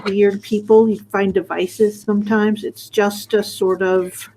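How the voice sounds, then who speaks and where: Woman, tabletop player, hesitant, flat pitch, searching for words. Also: a little slow, poor audio. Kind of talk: casual chat.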